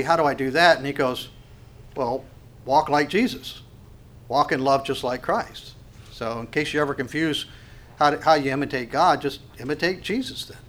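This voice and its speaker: Dynamic preaching man, fairly high voice. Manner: dynamic preaching, swings from hushed to loud; asks the congregation rhetorical questions. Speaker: pastor. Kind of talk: sermon.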